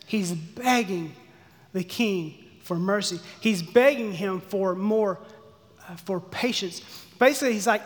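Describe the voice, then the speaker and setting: Pastor guy preaching a sermon, acts out the pleading parts, kinda high pitched. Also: a little slow. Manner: animated, acts out the servant's pleas. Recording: long hall reverb.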